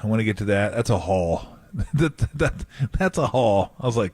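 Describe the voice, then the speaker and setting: A man's voice: mid-range voice, normal speed, no room sound. A man hosting sports radio, chatting casually in a joking way and acting out quotes. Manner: joking, animated, laughs often, acts out quotes. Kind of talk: casual chat.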